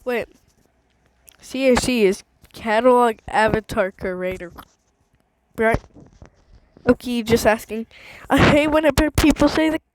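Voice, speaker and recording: A woman with a high voice chats over her gameplay in a slow, unhurried way, breaking into giggles often. She sounds excitable and playful, with faint noise in the background. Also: poor audio. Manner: giggly, excitable, laughs a lot. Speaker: gaming streamer. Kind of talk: casual gameplay chatter. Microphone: handheld microphone.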